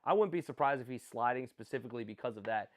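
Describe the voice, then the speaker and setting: A man's voice: mid-range voice, expressive, fast. Guy rambling thru a live draft stream, jokey, chats w viewers, voice bounces all over. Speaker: livestream host. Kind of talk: casual live commentary.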